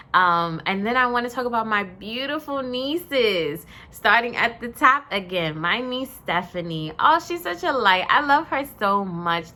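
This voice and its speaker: Bright-voiced woman gushing over family. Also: medium pitch. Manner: emotional, effusive, gushing with praise. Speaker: vlogger honoring her family. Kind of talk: heartfelt personal tribute.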